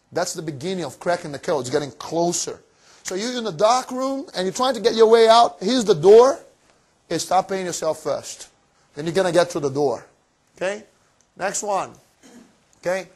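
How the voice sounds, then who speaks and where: A man giving a motivational finance seminar to a live audience in a room, energetic and cheeky, firing off rhetorical questions. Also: high voice, moderate pace. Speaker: seminar presenter.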